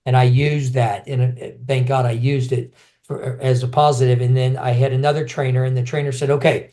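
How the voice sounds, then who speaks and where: A middle-aged man, a former champion kickboxer, telling his stories in a casual interview, animated, often restarting and acting out other people's voices. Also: medium pitch, a little fast.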